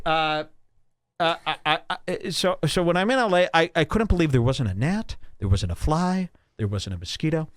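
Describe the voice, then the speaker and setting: A man hosting a podcast, delivering a mocking comedic rant with exaggerated swings between loud and low. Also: no room sound. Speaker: podcast host. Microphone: studio microphone.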